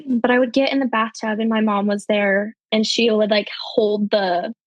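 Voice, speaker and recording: A woman's voice: steady tone, normal speed, dry recording. Chatty young woman, dry close sound. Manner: chatty, heavy with fillers like um and you know; jumps higher when quoting people. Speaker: podcast guest. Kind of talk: casual personal storytelling.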